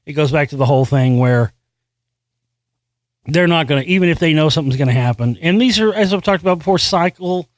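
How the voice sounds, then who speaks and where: Brisk and somewhat high-voiced, a man hosts a one-person commentary show, recorded dry. He reads news text aloud and then weighs in, slipping into frustrated, profane rants riddled with restarts.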